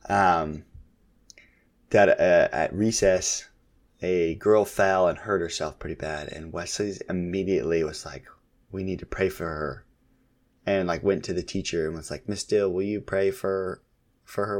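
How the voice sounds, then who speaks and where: A man in his thirties, a podcast co-host, casually chatting about his kids in a relaxed, rambling way with lots of fillers. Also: sits low, measured pace. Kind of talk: casual chat about family.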